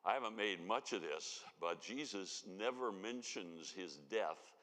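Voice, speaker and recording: A man's voice: lowish voice, lively intonation, a little slow, fairly bright tone. A man giving sermon-style Bible teaching at a conference, telling the story with animation and acting out the lines he quotes. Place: church sanctuary. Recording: reverberant church hall.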